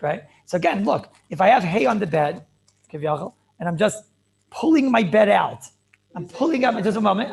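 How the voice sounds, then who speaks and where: A rabbi teaching a Talmudic class over a video call, repeating phrases and checking in with "right?" and "clear?". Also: male voice, high voice.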